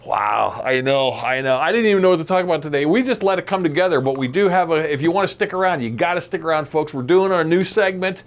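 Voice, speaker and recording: A man's voice: on the high side, fast talker, few pauses. A man hosting a podcast in casual chat, jokey and rambling, laughing often. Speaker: podcast host.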